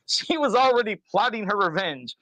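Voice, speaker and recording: A man's voice: sits high, big pitch swings, moderate pace, pushed and bright, no echo, rough recording. A man co-hosting a podcast, reading a storybook aloud in a casual way and chuckling as he goes. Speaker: podcast co-host.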